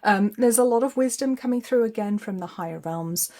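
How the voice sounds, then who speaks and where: A woman's voice: fairly high pitch, brisk, a little mellow. A woman giving a weekly psychic tarot forecast in a chatty, spiritual way, laughing often.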